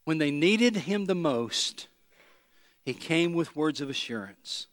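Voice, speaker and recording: A man preaching a sermon in a voice that sits a little high for a man. He swings from loud emphatic lines to hushed low ones and repeats phrases as he addresses the congregation directly. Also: lively intonation, slow pace. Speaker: pastor.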